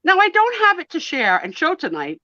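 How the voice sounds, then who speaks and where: A woman with a New Jersey accent telling stories on a casual live stream, animated and self-mocking. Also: very high voice, fairly quick, no echo, muffled recording. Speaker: co-host of a live sale stream. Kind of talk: casual storytelling chat.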